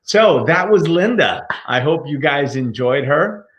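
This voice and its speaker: A man's voice: a little high, animated, a little slow, reverberant. A man hosting a casual livestream interview, speaking in an upbeat, motivational way and often repeating words. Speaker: podcast host.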